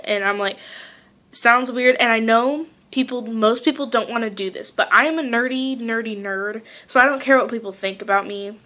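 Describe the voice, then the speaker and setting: A teenage girl vlogging casually, rambling through a story with lots of "like" and quoting people in lively voices. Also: on the high side. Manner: heavy use of "like".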